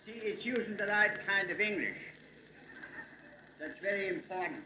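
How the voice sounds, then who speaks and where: Man, Pennsylvania Dutch accent, high voice, deadpan folksy comedy, roomy old live recording. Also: normal speed. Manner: folksy, deadpan storytelling in broken dialect English. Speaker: dialect humorist. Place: hall with a live audience. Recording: echoey 1962 live hall recording with hiss.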